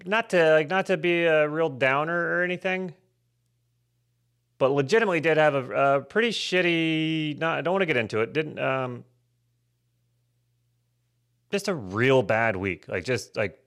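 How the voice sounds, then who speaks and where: A man's voice: on the high side, moderate pace, pauses often, a bit bright, clean tone. A man co-hosting a comedy podcast, chatting casually in a rambling, self-mocking way and swearing freely. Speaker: podcast co-host.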